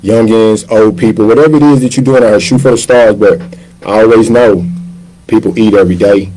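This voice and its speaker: A man in his fifties, a chef, telling his life in a relaxed sit-down interview. He talks in loose slang and keeps slipping into other people's voices as he acts out their quotes. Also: lowish voice, a little fast, rough recording. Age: 50s. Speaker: chef guest. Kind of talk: casual storytelling interview.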